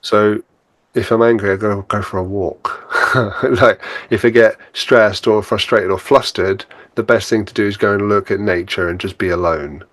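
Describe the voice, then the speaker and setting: A man's voice: on the low side, steady tone, moderate pace, fairly bright tone, dry recording. A man guesting on a podcast as a spiritual teacher, talking casually and reflectively, laughing often and acting out his own inner thoughts.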